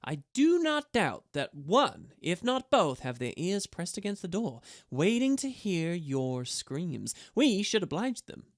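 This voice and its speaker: A man's voice: sits high, big pitch swings, takes it slowly, hardly any pauses, no echo, studio quality, voice pushed up, heavily acted. A man voicing a small, scheming male Asura tinkerer in an audiobook reading, sly and theatrical. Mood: sly, hushed.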